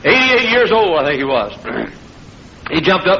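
A middle-aged man preaching an impassioned revival sermon that builds into shouting. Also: high voice, very animated, a little slow, slight background noise. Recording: muffled old sermon recording.

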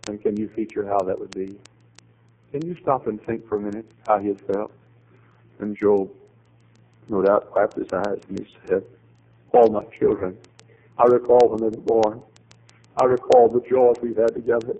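A man preaching a sermon, telling a story with acted dialogue and swings to loud, high emphatic climaxes. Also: fairly even intonation, normal speed, long pauses, muffled recording.

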